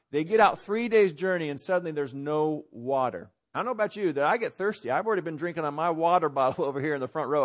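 Guy preaching on a church stage, kinda high voice, gets loud then drops real quiet. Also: fast talker, few pauses. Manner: conversational preaching, swings between loud emphasis and quiet asides. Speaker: pastor. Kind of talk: sermon.

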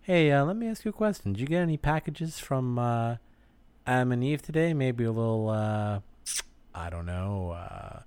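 Crude, teasing podcast host with a lively, sing-song delivery in a dry room. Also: male voice, medium pitch, normal speed, clear, resonant tone, no room sound. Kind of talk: improvised comedy podcast banter.

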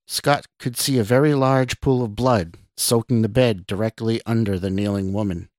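A man, the podcast host, reading a horror story he wrote, in a measured, deliberate narration. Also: lowish voice, no echo, studio quality.

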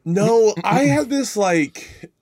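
A man co-hosting a podcast, rambling through anecdotes packed with fillers. His voice sits fairly high and sounds dry, close and unreverberant. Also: expressive, extremely slow, a little mellow, no room sound. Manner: chatty storytelling with many fillers. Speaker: podcast co-host. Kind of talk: casual chat.

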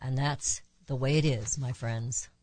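A woman's voice: very deep voice, fairly even intonation, measured pace, a little mellow, dry recording. A woman hosting a talk radio show, delivering an impassioned opinion monologue full of rhetorical questions.

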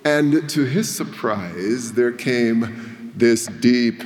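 A man's voice: on the low side, darkish tone. Man preaching in a reverberant church. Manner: storytelling with dramatic pauses. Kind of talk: sermon. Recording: long reverb of a church hall.

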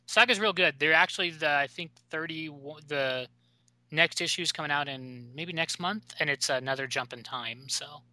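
A man's voice: a little high, normal speed, bright, forceful tone, no room sound. A man co-hosting a casual podcast chat about comics, chatty, with fillers and frequent laughs. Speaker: podcast co-host.

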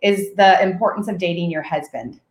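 A middle-aged woman hosting an interview, asking quick, enthusiastic questions. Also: on the low side, roomy sound. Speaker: podcast host.

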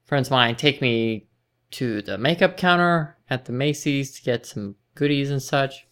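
A woman's voice: very deep voice, unhurried, a bit bright, clear, resonant tone. Hesitant thirty-something woman chatting. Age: 30s. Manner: hesitant, lots of fillers and restarts. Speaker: interviewee. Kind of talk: casual chat.

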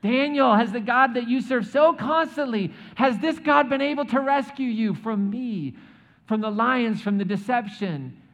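A man preaching acts out an ancient king anxiously calling down to a prisoner, loud and strained. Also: very high-pitched, a little slow, pitched above the performer's own voice, exaggerated voice. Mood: desperate pleading. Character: anguished ancient king, grown man, pleading loudly. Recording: echoey hall, dull sound.

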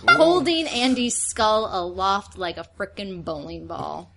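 A woman's voice: medium pitch, sing-song, takes it slowly, fairly bright tone. A woman narrating a tabletop horror game with vivid, gory storytelling and dry jokes.

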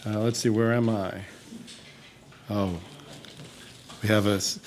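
A male host introduces the next guest at a reading event. He speaks very slowly, pausing as he checks his notes, with faint noise behind him. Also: lowish voice, level tone, a little mellow. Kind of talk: stage introduction.

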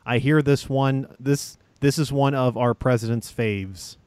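A man's voice: mid-range voice, measured pace, darkish tone, clean tone. A man hosting a casual comedic podcast, reading news items with a hesitant, stop-start delivery.

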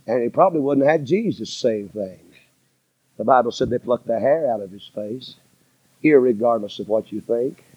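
A middle-aged man with a Southern American accent tells a story from the pulpit in a husky, folksy voice. He repeats phrases and drops to a hush before pushing out loud emphasis. The sound is close and dry, a little dull and lo-fi. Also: medium pitch, no room sound. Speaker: preacher. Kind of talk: storytelling sermon. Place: church sanctuary.

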